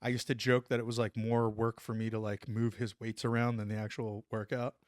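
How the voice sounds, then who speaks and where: A middle-aged man and former soldier telling a story on a podcast, animated, acting out what people said and saying "like" often. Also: on the low side, a little fast, no echo, clean studio sound. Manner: animated, acts out quotes, says "like" a lot. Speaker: podcast guest, former Army Ranger. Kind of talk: casual storytelling.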